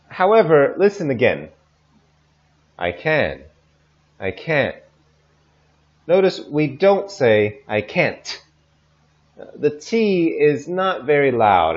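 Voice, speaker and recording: A man walks learners through pronunciation drills at a slow, careful pace, his fairly low voice rising and falling expressively. He speaks into a desk microphone, and the recording sounds a little dull and lo-fi. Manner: slow, deliberate modeling of example phrases. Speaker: English teacher. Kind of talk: pronunciation lesson. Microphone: desk microphone recorded in audio software.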